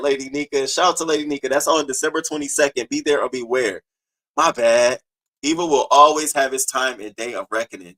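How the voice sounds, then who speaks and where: A man hosting a casual live-stream commentary, animated as he greets viewers by name from the chat and swears freely. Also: on the high side.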